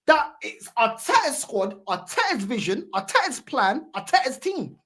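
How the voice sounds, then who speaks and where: Brief: woman host, high bouncy voice, heated mocking rant. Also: sing-song, moderate pace, few pauses, a bit bright. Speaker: fan channel host. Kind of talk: ranting reaction commentary.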